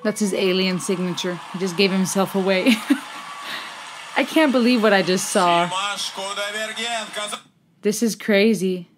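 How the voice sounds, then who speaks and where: A woman's voice: mid-range voice, moderate pace, long pauses. A woman hosting a music reaction video, exclaiming and laughing in disbelief in casual commentary. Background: faint music playing.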